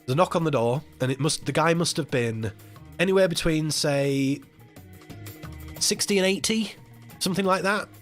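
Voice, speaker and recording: A man's voice: fairly high pitch, normal speed, long pauses, soft background music. A man hosting a live chat stream, telling a rambling, emotional story full of quoted voices. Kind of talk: casual chat.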